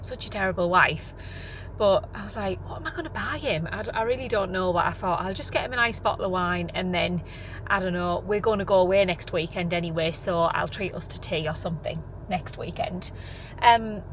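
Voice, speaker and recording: English woman in her thirties, easygoing vlog chatter, lower pitched, noisy phone audio. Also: brisk. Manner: chatty, rambling, self-deprecating. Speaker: vlogger. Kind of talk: casual vlog chat to camera. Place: in a car for some parts.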